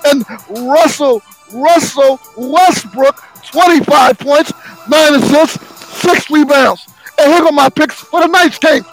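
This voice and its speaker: Slow sing-song man reading scores. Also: extremely high pitch, soft background music, rough recording. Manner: slow, sing-song delivery with shouted bursts. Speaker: sports highlights host. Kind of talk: reading basketball scores and stats.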